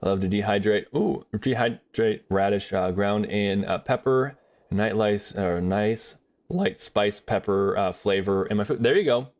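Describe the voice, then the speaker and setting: A man's voice: lowish voice, measured pace, darkish tone. A man chatting casually on a livestream while drawing, rambling in a friendly way with many fillers and restarts.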